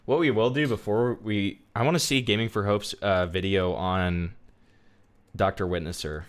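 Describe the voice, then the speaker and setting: A man's voice: lowish voice, normal speed. A man streaming and reacting to videos, chatting casually, exasperated and swearing often. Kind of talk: casual commentary.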